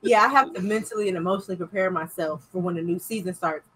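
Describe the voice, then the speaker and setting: A woman guest in a casual podcast chat, relaxed, joking and blunt. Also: fairly low pitch, fast, a little hiss or hum, rough recording.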